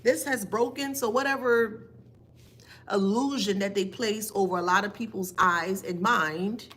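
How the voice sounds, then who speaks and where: A woman's voice: mid-range voice, unhurried, noisy background. A woman giving a spiritual reading, taunting and emphatic, asking pointed rhetorical questions. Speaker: tarot reader.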